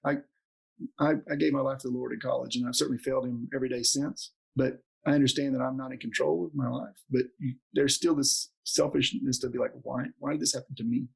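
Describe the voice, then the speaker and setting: A man's voice: medium pitch, little pitch movement, fast talker, creaky, husky, poor audio. A man in his forties, a doctor telling a story in an interview and acting out the quotes with animation. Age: 40s. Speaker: podcast guest, doctor.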